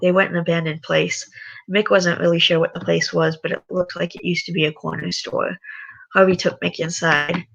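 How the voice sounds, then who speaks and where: A tired reader casually reading a story aloud, halting now and then with sighs and restarts. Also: mid-range voice, flat delivery, vocal fry, a bit bright, dull audio, slight background noise.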